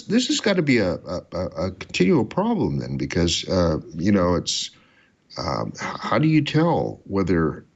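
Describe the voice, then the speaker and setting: A man co-hosting a podcast, asking a question haltingly while searching for words. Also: low voice, gravelly, muffled recording. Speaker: podcast co-host. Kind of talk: interview questions.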